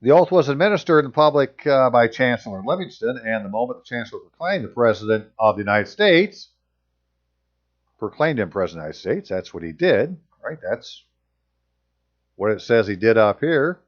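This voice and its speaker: A man's voice: mid-range voice, big pitch swings, normal speed, dull audio. A man reading passages aloud and commenting on them in casual, sarcastic asides as a channel host.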